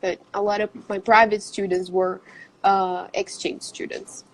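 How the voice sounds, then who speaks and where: A woman's voice: mid-range voice, flat delivery, unhurried, low-quality recording. A Brazilian-born woman, a native Portuguese speaker and English teacher, chatting in an interview and laughing often. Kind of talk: casual interview chat.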